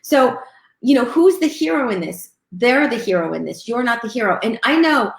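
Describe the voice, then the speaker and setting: Energetic female webinar host with a higher voice, recorded in a roomy space. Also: moderate pace, creaky. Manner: upbeat, reads out chat comments and thanks viewers. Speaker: webinar presenter. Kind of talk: live webinar presentation.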